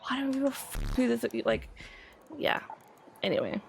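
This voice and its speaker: Indignant woman streamer ranting, very high voice, gravelly fry, faint hiss behind, profane. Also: big pitch swings, moderate pace. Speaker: streamer in a played clip. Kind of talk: angry stream rant.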